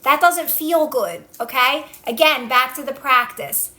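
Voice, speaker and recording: A woman on a phone livestream, coaching viewers in a casual way, repeating calm instructions and answering their comments. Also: high-pitched, a little slow. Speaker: manifestation coach. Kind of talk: casual TikTok live talk.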